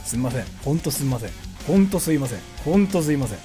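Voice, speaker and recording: A man's voice: medium pitch, sing-song, very fast, mellow, soft background music. A young man from Japan, speaking English with a Japanese accent, chatting casually on a livestream and reading out donations, with lots of fillers. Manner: chatty, filler-heavy, reads donations aloud. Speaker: streamer.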